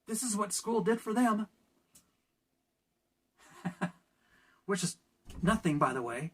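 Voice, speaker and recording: A man's voice: high-pitched, expressive, takes it slowly, slightly rough. A man from California ranting in a casual opinion vlog, sarcastic and laughing at his own jokes. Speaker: vlogger.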